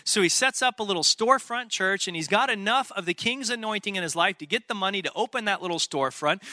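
A man's voice: high-pitched, pushed and bright, no echo, clean studio sound. A man preaching a sermon in an emphatic, conversational way, full of rhetorical questions. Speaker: pastor.

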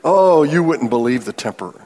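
A middle-aged man preaching a sermon, telling stories in an animated way and laughing often. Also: a little high, moderate pace. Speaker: pastor.

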